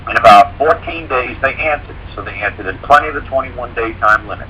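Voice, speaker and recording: A man's voice: medium pitch, fairly quick, sharp tone, a little hiss or hum, poor audio. A man talking as a guest on a radio show, blunt, folksy and profane, explaining things through homespun stories. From rural mountain area. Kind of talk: casual radio talk.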